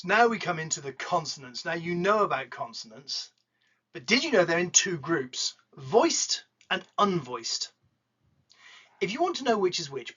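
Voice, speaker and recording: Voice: medium pitch, a bit bright, husky, dull audio. An English pronunciation teacher with an English accent, giving a playful lesson and drawing out vowel sounds with jokes along the way. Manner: jokey, demonstrates sounds with exaggerated vowels.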